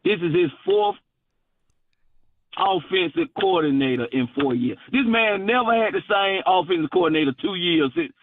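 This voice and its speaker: Emphatic man, high lively voice, phone-line caller. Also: normal speed, a little hiss or hum. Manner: emphatic, folksy, repeats his points. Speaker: regular sports caller. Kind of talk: animated sports talk. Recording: dry, tinny phone line.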